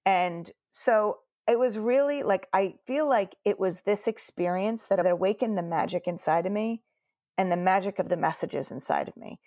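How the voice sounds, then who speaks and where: A woman's voice: medium pitch, moderate pace, a little mellow, no room sound, studio quality. A woman, a nurse telling her story earnestly in an interview, quoting her own words along the way. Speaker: guest nurse.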